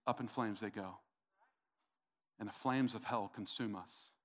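A man's voice: fairly low pitch, a little slow. A middle-aged man preaching a sermon, emphatic and repetitive, calling out to the congregation. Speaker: pastor.

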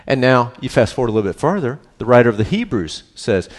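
A male pastor leads a Bible study, teaching scripture to his congregation in a relaxed, conversational sermon. He moves between quiet, earnest passages and animated bursts, often questioning and checking in with a quick "right?"

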